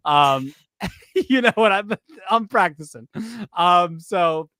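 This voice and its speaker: A man's voice: sits high, expressive, slow, bright, forceful tone, smooth, dry recording. A man co-hosting a casual sports chat, rambling and interrupting himself with joking asides. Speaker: podcast co-host.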